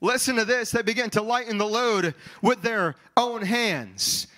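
Pastor, man, very high-pitched voice, sermon delivery with sing-song runs and shouted peaks. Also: measured pace, poor audio. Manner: preaching with rising sung cadences and shouts.

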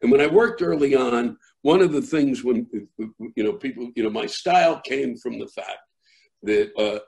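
A middle-aged man, a comedian, telling a rambling story in conversation with many fillers and restarts, acting out shouting crowds. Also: mid-range voice, normal speed, creaky. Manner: animated, acts out shouting crowds. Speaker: comedian guest.

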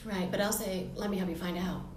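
A woman, a chamber of commerce representative, chatting as a podcast guest, eager and quick to agree. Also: medium pitch, steady tone, a little mellow. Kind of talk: casual interview chat. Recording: roomy with faint background noise.

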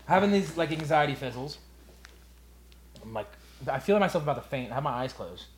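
A man's voice: a little high, animated, a little fast. A young man co-hosting a podcast, telling a story in casual chat, acting out the quotes and swearing freely. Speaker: podcast co-host.

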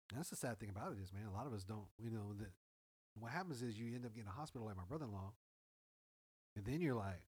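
Husky, profane storytelling man. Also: fairly low pitch, fast, rough recording. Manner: animated, profane, acts out quoted dialogue. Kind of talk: casual chat, storytelling.

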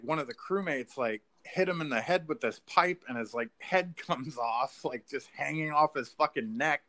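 Casual male co-host, excitable, filler-heavy, swears freely; mid-pitched everyday voice. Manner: rambling, profane, filler-heavy, says "like" and "dude"; excitable storytelling. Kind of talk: casual chat.

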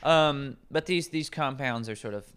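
A man's voice: mid-range voice, moderate pace, fairly bright tone, clean tone. A man, a nutrition coach, explaining herbs in casual podcast conversation, rambling and correcting himself as he goes.

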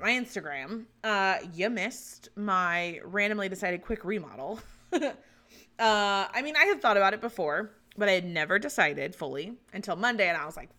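Woman host, 30s, loose solo chat, bright tone, cursing and laughing throughout. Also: medium pitch. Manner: swearing, rambling, laughing often. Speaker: podcast host.

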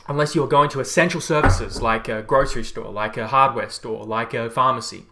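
A man's voice: medium pitch, fairly quick, few pauses, noisy background. An Australian man chatting casually on a livestream, reading out viewer comments and rambling with free swearing. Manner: rambling, laid-back, swears freely. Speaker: livestreamer and health coach.

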